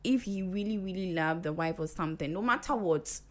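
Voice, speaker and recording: A woman's voice: lowish voice, a little fast. Plain-spoken woman guest. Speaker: studio guest. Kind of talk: radio talk show discussion.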